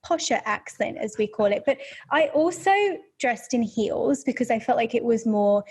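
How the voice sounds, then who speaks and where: A woman's voice: on the high side, normal speed, breathy edge. A young woman from the English Midlands with a mixed British and transatlantic accent, telling stories as an interview guest and acting out past conversations. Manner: animated storytelling, acts out past conversations. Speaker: guest photographer.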